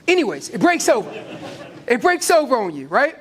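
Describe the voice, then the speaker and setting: A man with an American accent teaching an elk calling seminar, lively and acting out what the elk would say. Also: very high voice, fairly quick, noisy background. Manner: animated, acts out elk calls and voices. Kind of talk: hunting seminar talk.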